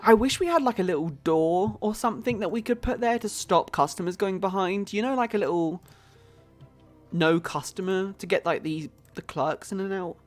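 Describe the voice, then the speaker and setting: Soft music plays in the background as a British woman streams a life-sim game, speaking in a mid-range voice at normal speed. She keeps up casual commentary, thinking aloud and greeting the viewers who show up in her chat.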